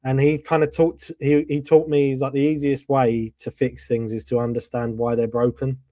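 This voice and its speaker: Man, fan show host, monotone, dry close sound, candid and swears. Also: mid-range voice, normal speed, no echo. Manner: candid, swears, tells anecdotes. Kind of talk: casual fan chat.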